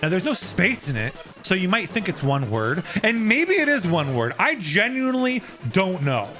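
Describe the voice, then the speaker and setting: A man's voice: high voice, big pitch swings, normal speed, music in the background. A young man streaming live, casually explaining a topic and answering his viewers' chat.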